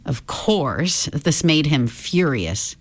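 A woman reading a children's story aloud with expressive intonation. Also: low voice, slow pace, slightly rough.

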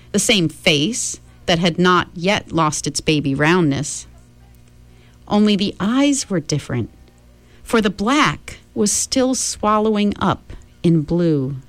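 A woman's voice: on the low side, no echo. A woman reading a novel aloud chapter by chapter, with friendly asides to her listeners. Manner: slow, gentle reading with chatty asides to listeners. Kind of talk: read-aloud book narration.

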